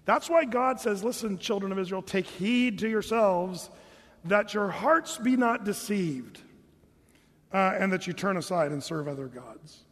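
High-voiced pastor preaching in a hall. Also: male voice, unhurried, fairly bright tone. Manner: conversational preacher, mimics hearers in a higher voice. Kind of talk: sermon.

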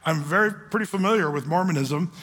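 Bright-voiced man preaching in an echoing hall. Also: on the high side, fast talker. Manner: chatty and joking, with many fillers and asides. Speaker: pastor. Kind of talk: conversational sermon. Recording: echoey hall.

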